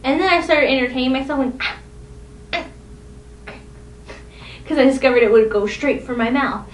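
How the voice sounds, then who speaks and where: Young woman, vlogger, high voice, rambling self-deprecating storytelling, roomy echo, distant mic, faint rumble. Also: fast. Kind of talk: casual storytelling vlog.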